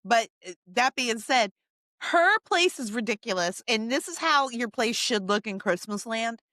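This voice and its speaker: A chatty woman with a bright, forward voice muses about a film with her co-host. Her voice sits a little high, and the sound is close and dry. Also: animated, unhurried, no echo. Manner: chatty and musing, wondering aloud, laughs often. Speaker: podcast co-host. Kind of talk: casual chat reviewing a film. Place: home.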